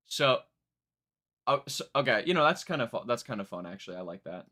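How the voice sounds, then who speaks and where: A man's voice: mid-range voice, very animated, fairly quick, sharp tone. A young man streaming a live album reaction, chatting casually in a rambling, self-mocking way.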